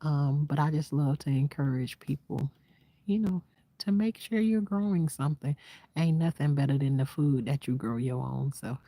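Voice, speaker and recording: A woman vlogger talking casually and reflectively to her viewers, soft-spoken and half-whispering, sitting outdoors at night in the quiet countryside. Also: sits low, normal speed, no echo. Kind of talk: casual heartfelt talk to viewers.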